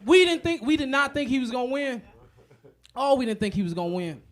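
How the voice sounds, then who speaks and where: A man doing a stand-up comedy set, profane and animated, acting out the voices of other people. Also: very high voice, brisk.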